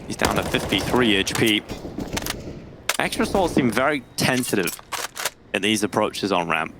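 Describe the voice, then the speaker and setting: A man calling a video game match as a play-by-play caster, energetic and jokey. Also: lowish voice, moderate pace, gravelly. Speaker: esports caster. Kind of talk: play-by-play commentary. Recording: noisy game audio behind. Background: gunfire from the game.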